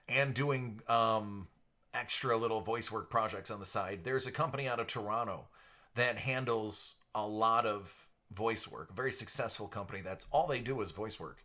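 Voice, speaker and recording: Brief: male stream host, bright projected voice, casual chat, studio mic. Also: mid-range voice. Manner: projected radio-style delivery, chatty. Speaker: live stream card breaker host. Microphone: entry-level studio microphone.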